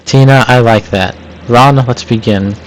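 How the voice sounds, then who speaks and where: A man playing a deadpan, stern cartoon health inspector. He has a grudging, bitter edge and speaks flatly. It is an amateur script read-aloud. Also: mid-range voice, unhurried, slight background noise, natural voice, low-quality recording. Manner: flat, deadpan.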